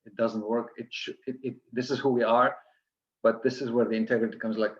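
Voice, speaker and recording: A man's voice: mid-range voice, level tone, fairly quick, dull audio. A man giving an earnest coaching lecture to physicians, listing steps with frequent restarts.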